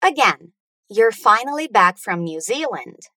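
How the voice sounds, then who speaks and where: Slow, lively-voiced woman teaching English phrases. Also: medium pitch, no echo. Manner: slow, deliberate, stretching out words for learners to repeat. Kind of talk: slow repeat-after-me English lesson.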